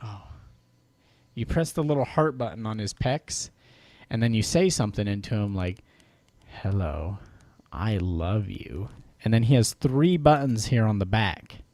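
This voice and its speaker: A man's voice: fairly low pitch, lively intonation, moderate pace, a little mellow, dry recording. A man in casual podcast chat, laughing often as he tells a story about a creepy toy.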